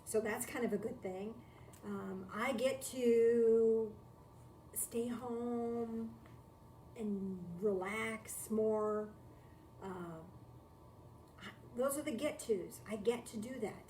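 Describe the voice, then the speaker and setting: Woman, spiritual teacher, slightly high voice, reflective talk with rhetorical questions, faint background noise. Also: slow pace, long pauses, dark tone. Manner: reflective, repeats key phrases, asks rhetorical questions. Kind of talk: live-streamed spiritual talk. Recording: echoey room, distant mic, faint noise.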